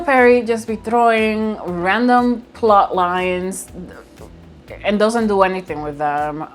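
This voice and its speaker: A woman's voice: mid-range voice, slow, faint music behind. Chatty woman recapping a movie. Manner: chatty and expressive, laughing while retelling scenes. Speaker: movie reviewer. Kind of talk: casual movie recap vlog. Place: at home by a window.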